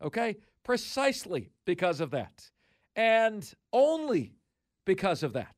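A man's voice: sits high, very animated, unhurried, dry recording, studio quality. A man hosting a sports talk radio show, making his points emphatically and repeating them.

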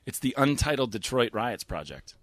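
A man from Massachusetts, a guest actor in casual interview chat, joking and quick. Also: mid-range voice, big pitch swings, a bit bright, dry recording.

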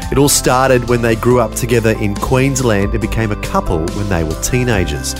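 A man hosting, reading a scripted narration in a measured way. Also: lowish voice. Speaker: host. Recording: dry studio with faint music.

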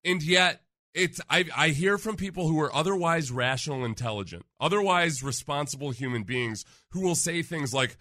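Bright, emphatic male sports talker. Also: on the high side, moderate pace. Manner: emphatic, animated, repeats himself for stress. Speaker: sports radio co-host. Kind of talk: casual sports talk.

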